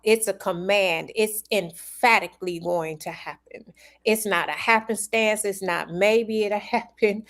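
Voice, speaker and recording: A woman's voice: medium pitch, unhurried. A woman co-hosting a devotional chat, reading verses aloud and stressing key words with emphasis. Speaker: co-host.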